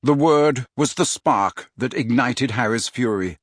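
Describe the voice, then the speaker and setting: A man narrating an audiobook in an expressive, dramatic reading style. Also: mid-range voice, measured pace, dry recording, clean studio sound. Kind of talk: scripted storybook narration.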